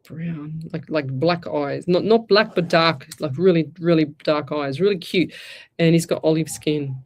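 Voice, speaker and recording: A woman's voice: low voice, measured pace, a little mellow. A woman with an Australian accent hosting a live radio show, giving rambling, chatty psychic readings with many restarts. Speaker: psychic medium radio host.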